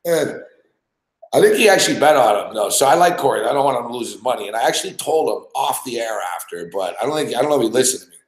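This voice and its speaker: A man hosting a sports podcast, ranting casually with swearing and laughter, and getting excited as he recounts plays. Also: mid-range voice, fast talker, roomy sound, poor audio. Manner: profane, laughing, gets excited over plays. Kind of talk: casual sports talk rant.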